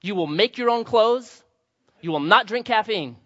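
Young man, pastor, high bright delivery, storytelling sermon, slightly muffled lo-fi audio. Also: lively intonation, normal speed. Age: young adult. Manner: storytelling, acting out voices with humor. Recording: slightly dull lo-fi sound.

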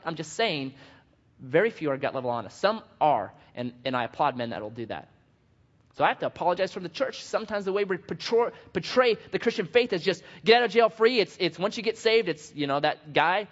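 A man's voice: high-pitched, quick pace. A male pastor giving a casual, conversational sermon, acting out quotes and joking at his own expense. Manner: animated, conversational and self-deprecating, acting out quotes. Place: church sanctuary. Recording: dull lo-fi audio in a long-reverb church hall.

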